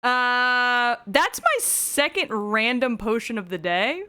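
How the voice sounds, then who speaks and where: A woman's voice: a little high, expressive, takes it slowly, pushed and bright, smooth. A woman streaming gameplay, chatting casually with frequent swearing and joking asides.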